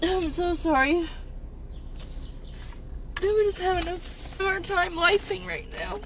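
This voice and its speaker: A woman's voice: very high voice, fairly even intonation, takes it slowly, gravelly, fairly bright tone, a little hiss or hum. A woman in her fifties, stressed and tearful, venting to her phone from her car in a parking lot with nervous laughs. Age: 50s. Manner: distraught, breaking into nervous laughs. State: crying, stressed. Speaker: gig delivery driver venting on social media. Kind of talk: tearful vent to camera.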